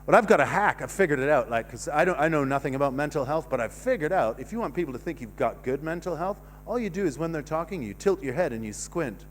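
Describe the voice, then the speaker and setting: Older guy doing standup on a theatre stage, high voice all over the place, rambly. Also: lively intonation, fast, few pauses, slight background noise. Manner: rambling, self-mocking, sudden loud outbursts. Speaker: stand-up comedian. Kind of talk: stand-up comedy set. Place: stage of a cinema theatre, live audience.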